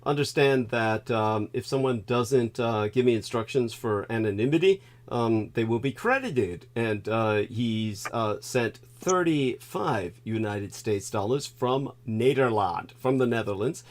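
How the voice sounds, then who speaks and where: A man hosts a loose online stream, talking through a web call. He pauses on "uh" often and bursts into loud, high laughter. His voice sits at an ordinary middle pitch. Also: lively intonation. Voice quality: laughs loudly and often, frequent fillers. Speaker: host. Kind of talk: casual livestream chat.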